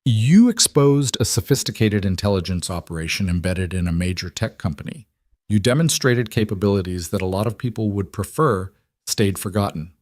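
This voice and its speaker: A crisp, controlled female colonel who talks in orders, as a male narrator puts her on. The delivery stays cool and clipped, in a fairly low, plain voice. The recording is dry and close. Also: animated, moderate pace, a little mellow, no echo, lightly acted. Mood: cool commanding.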